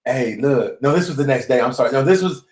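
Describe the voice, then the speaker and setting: A man hosting a live stream, chatting casually and talking straight to his viewers in lively slang. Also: medium pitch, rapid-fire, reverberant. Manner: animated, slangy, addresses viewers directly. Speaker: host of a live-streamed channel.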